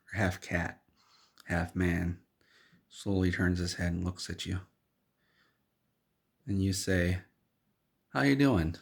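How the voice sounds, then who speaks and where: A male storyteller who narrates an absurd tale in the second person, rambling in a deadpan way. His voice is very low, with a gravelly fry and a husky edge.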